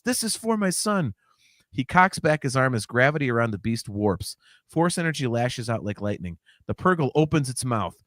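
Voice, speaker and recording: A man co-hosting a podcast in casual chat, excitable and laughing often as he reads a script aloud. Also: mid-range voice, no room sound, clean studio sound. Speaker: podcast co-host.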